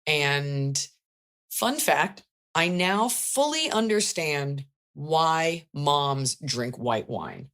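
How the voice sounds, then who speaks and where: Low-voiced wry woman podcast host. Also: big pitch swings, extremely slow, a bit bright. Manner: chatty, wry, profane storytelling. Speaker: podcast host and stand-up comedian. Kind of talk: casual comedic chat.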